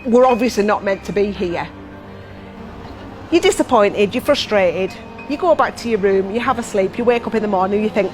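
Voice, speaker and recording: A woman's voice: medium pitch, normal speed. A woman, speaking heartfelt and emotional in an interview about her husband's racing. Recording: music underneath.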